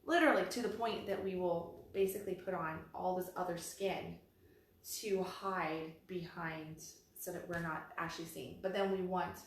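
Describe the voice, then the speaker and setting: A woman in her forties chats in an animated, storytelling way and circles back on her own phrases. She sits in a room with strong echo. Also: fairly low pitch, moderate pace, slight background noise. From Texas. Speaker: podcast co-host. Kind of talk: casual chat. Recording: very echoey room.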